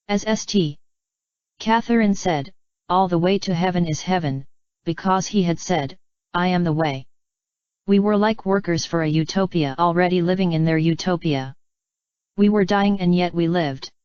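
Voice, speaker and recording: A woman narrating an audiobook memoir in an even, measured reading. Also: fairly low pitch, clear, resonant tone, dry recording. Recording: dry, slightly dull lo-fi audio.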